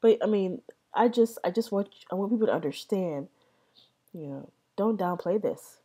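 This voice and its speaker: A woman's voice: mid-range voice, animated, moderate pace, warm tone, breathy edge. A young adult woman explaining language in a casual vlog, rambling, repeating herself and often asking "right?". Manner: rambling, repeats words, many "right?" checks.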